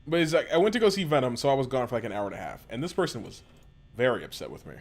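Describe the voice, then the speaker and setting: Medium in pitch, sing-song, and rapid-fire, a western U.S. man rambles through casual chat as he streams a game. His talk is profane and loaded with slang.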